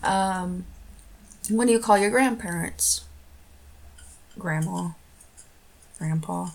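A woman's voice: fairly low pitch, slow pace, creaky. A young American woman doing a casual accent-tag video, giggling often between her answers. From United States. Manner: giggly, laughs between words. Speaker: vlogger.

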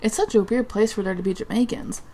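A woman's voice: medium pitch, quick pace, mellow. A woman with a Southern American accent, a guest in a casual chat, bashful and laughing easily.

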